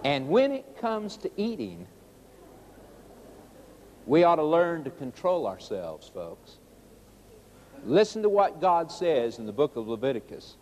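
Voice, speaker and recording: Folksy middle-aged male preacher, high animated voice, hall echo. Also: unhurried, long pauses, slight background noise. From rural United States. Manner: addresses the audience as folks, acts out quotes in a raised voice. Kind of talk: sermon.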